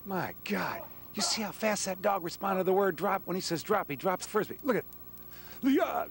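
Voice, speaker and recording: A man anchoring a live TV sports segment outdoors, lively and joking with his guests. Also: sits high, moderate pace, creaky, a little hiss or hum.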